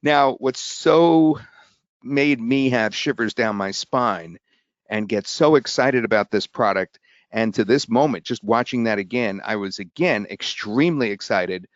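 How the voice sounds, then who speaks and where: A man hosting a live sales webinar, talking in an excitable, rambling way with restarts. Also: medium pitch, a little slow, dry recording. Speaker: webinar host. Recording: dull webinar audio.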